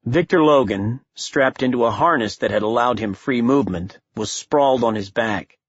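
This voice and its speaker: A male narrator reads a scripted thriller audiobook at a steady, measured pace in a husky, mid-range voice. He sounds close and dry, without room echo, and the recording is slightly dull.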